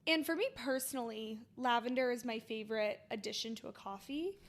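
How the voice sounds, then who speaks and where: A woman's voice: on the high side, fairly quick. A woman co-hosting a podcast in casual chat, bubbly and enthusiastic. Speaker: podcast co-host.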